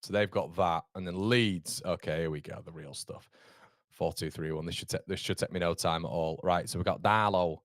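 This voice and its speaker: A man's voice: low voice, steady tone, normal speed, no echo, studio quality. A man from York, hosting a live football watchalong in a chatty, rambling way with frequent laughter. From York, England. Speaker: watchalong host.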